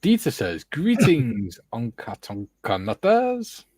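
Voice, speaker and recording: A man's voice: medium pitch, huge pitch swings, slow pace, a little mellow, slightly rough, no echo. A man on a live model-building panel, reading out chat comments in a dry manner. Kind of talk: casual live-stream chat.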